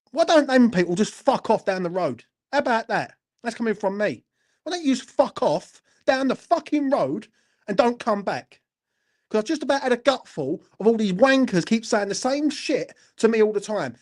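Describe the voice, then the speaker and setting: A man's voice: sits high, a little mellow. A man hosting a fan channel, delivering a furious, heavily sweary post-match football rant and often asking the viewer if they follow him. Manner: furious, heavily sweary, keeps asking "do you know what I mean".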